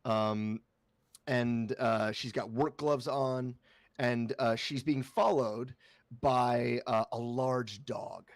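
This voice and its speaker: A man narrating as game master in a tabletop role-playing game, halting with many fillers. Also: mid-range voice, fairly even intonation, no echo.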